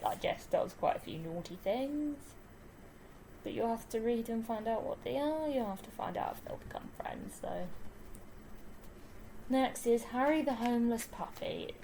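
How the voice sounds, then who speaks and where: A woman chatting casually about books she has read and reading their back-cover blurbs aloud, with lots of "like" fillers and soft asides. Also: on the high side, vocal fry, slight background noise, poor audio. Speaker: book vlogger.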